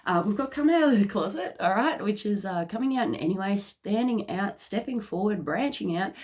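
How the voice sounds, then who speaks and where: A woman's voice: mid-range voice, animated, a little fast, darkish tone. A woman giving a casual psychic card reading, chatty and full of "okay?" check-ins and fillers. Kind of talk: casual channelled reading to camera.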